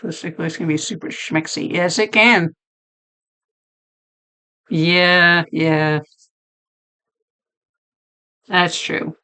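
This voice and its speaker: A woman streamer chatting casually with her viewers, her voice deep and hoarse from being sick, laughing often. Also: drawn-out words, pauses often, pushed and bright. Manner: chatty, laughing, talks to chat by name. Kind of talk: casual chat reading stream chat.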